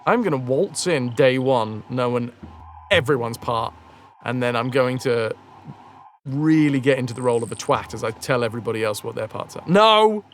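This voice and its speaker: A man's voice: mid-range voice, moderate pace, slight background noise. A man giving casual, joking gameplay commentary as a streamer, swearing freely.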